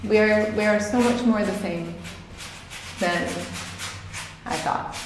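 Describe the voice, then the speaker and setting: A woman with a mid-range voice speaks earnestly and thoughtfully as an interview guest, pausing with soft "um"s. Her voice echoes around the room, with a faint background hum. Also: medium pitch. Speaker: guest, founder of a paint studio. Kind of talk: casual interview.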